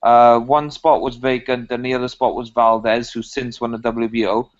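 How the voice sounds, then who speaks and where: Man, mid-pitched, measured, analytical, ums, lo-fi audio. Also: little pitch movement. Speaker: podcast co-host. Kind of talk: casual chat. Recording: dull lo-fi podcast audio.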